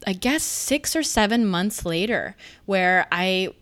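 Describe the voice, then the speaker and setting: A woman hosting a casual podcast, reflective, with soft listening murmurs. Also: medium pitch, animated, takes it slowly, dry recording.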